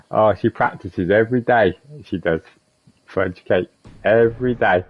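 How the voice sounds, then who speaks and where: A man's voice: lowish voice, slow pace, dull audio. A man, a streamer chatting casually and repeating himself while he plays. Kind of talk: casual chat while gaming.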